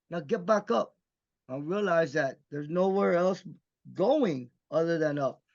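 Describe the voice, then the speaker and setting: Gravelly, intense man from Texas. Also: sits high. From Mission, Texas. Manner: intense, profane, emphatic pep talk. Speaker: guest actor. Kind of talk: candid podcast conversation. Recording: dull lo-fi podcast audio.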